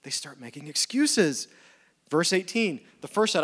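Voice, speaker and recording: A man's voice: fairly high pitch, normal speed. A male pastor preaching a sermon in a conversational way, acting out the lines of the parable. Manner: conversational, animated retellings of dialogue.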